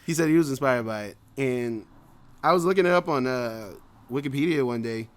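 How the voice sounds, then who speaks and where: This man co-hosts a casual podcast, talking in a rambling way full of fillers and laughs. His medium-pitched voice is expressive and brisk.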